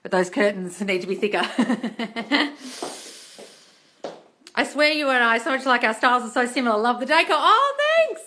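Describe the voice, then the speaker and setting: An Australian manifesting coach hosts a casual livestream on her phone from her new apartment, offering chatty advice, reading comments aloud, and calling viewers darling. Her voice is fairly high, pushed, and bright, at normal speed with frequent pauses.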